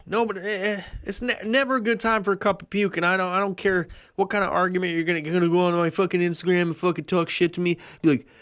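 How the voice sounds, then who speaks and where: A man hosting a solo podcast, rambling through a profane, crude rant. His voice sits a little high and shoots up further when he fires off rhetorical questions. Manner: profane, crude and animated, heavy swearing; jumps up in pitch when ranting rhetorical questions. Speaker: podcast host.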